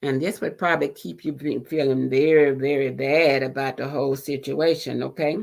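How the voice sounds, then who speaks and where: Middle-aged woman, host, low gravelly voice, unhurried encouraging talk. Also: fairly even intonation. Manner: slow and gentle, with many fillers and restarts.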